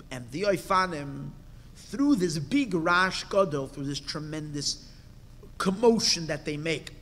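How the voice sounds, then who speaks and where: A rabbi with a high, bright voice teaching a Torah class, recorded with a long reverb that rings through the hall. He reads out each Hebrew phrase, then explains it in English with emphatic bursts and pointed questions.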